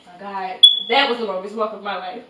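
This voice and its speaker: A woman recounting a painful family memory in casual conversation, animated, laughing through tears. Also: medium pitch, fairly quick, heavy background noise. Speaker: one of the sisters in a family talk. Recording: roomy sound from a distance.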